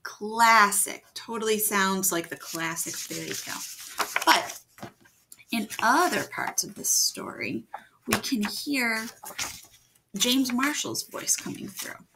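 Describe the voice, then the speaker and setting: Slow, gravelly woman teaching writing. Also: medium pitch, animated, background noise. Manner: thinks aloud, gentle and encouraging, with frequent restarts. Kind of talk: video writing lesson for children.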